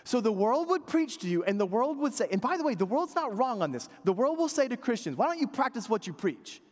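Male preacher, thirties, animated conversational sermon, lively pitch, reverberant hall. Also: fairly quick. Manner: animated, conversational preaching with quiet earnest asides. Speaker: pastor.

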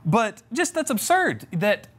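A young man preaches in an easy, joking way, slipping into voices to act out the story. His voice sits high for a man. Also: very animated, slow, fairly bright tone, husky. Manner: conversational and humorous, acts out scripture voices. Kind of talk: sermon.

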